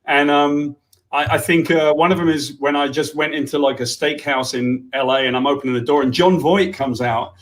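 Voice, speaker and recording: A man's voice: a little high, fairly even intonation, normal speed. A man, rambling through anecdotes in casual chat and swearing freely.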